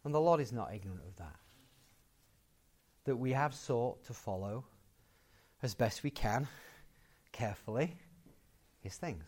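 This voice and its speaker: A male preacher delivering a sermon in a voice of ordinary pitch for a man. He leans on key words, repeats phrases for weight and moves from loud declaration down to quiet, low lines. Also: lively intonation, unhurried, pauses often, husky. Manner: emphatic, with repeated phrases and big swings in loudness.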